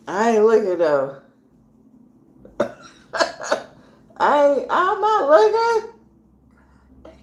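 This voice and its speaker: A woman hosting a podcast, telling stories in a loose, slangy, laughing way that swings between loud and quiet. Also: medium pitch. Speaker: podcast host. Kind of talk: casual storytelling monologue. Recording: echoey room with faint ambience.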